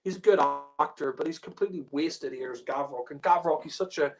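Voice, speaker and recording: A man's voice: fairly high pitch, a little fast, soft background music. A man giving a casual spoken review rant, exasperated and profane, laughing often and using many fillers.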